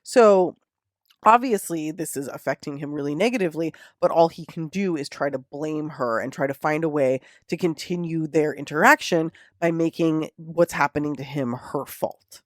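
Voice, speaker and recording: Here a host on a podcast walks through a real crime in an easygoing but indignant way, swearing as the story gets animated. Pitch is medium, speed is normal, and the recording is dry and studio-clean.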